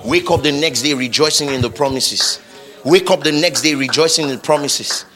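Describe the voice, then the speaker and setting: A man with a Nigerian accent preaching a sermon, building repeated lines up to shouts. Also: on the high side, normal speed, faint music behind. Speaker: pastor.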